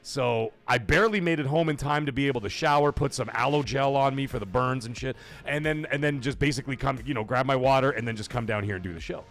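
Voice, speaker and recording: A middle-aged man from Canada hosting a live gaming stream, telling stories in a rambling way, cursing freely and getting loud when he is excited. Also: mid-range voice, fast talker. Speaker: livestream host. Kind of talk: casual live-stream chat.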